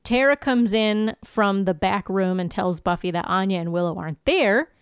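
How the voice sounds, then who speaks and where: A woman co-hosts a podcast, retelling TV episodes in a playful, giggly way. Her voice is smooth and clear at a middle pitch. It is recorded close on a mic in a dry room. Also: normal speed, no room sound. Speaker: podcast co-host. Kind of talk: casual chat recapping TV episodes.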